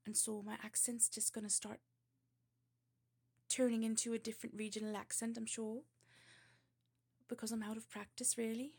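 A woman's voice: on the high side, little pitch movement, normal speed, long pauses, darkish tone, slightly rough. A woman chatting casually and rambling in a self-deprecating way before and after a reading. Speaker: amateur reader. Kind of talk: casual chat.

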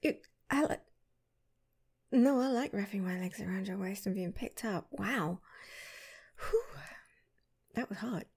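Slow breathy woman, whispered role-play. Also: medium pitch, darkish tone. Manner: intimate, flirty, playful whispering. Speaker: audio role-play performer.

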